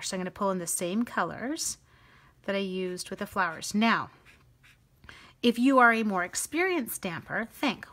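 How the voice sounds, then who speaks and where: A woman's voice: mid-range voice, fairly bright tone, slightly rough. A middle-aged Canadian woman with a Canadian accent, chatting to viewers as she demonstrates a live stamping craft.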